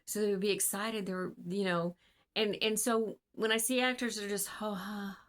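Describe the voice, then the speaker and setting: A woman's voice: mid-range voice, steady tone, moderate pace, a bit bright. A woman casting director giving casual advice to camera in an earnest, rambling way, full of ums and restarts, over a video call. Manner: rambling, filler-heavy and earnest.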